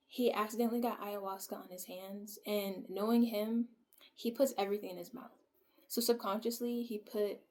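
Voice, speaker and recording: A woman vlogger telling a personal story in a casual, soft way, full of "like" fillers and often dropping to a near-whisper. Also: mid-range voice.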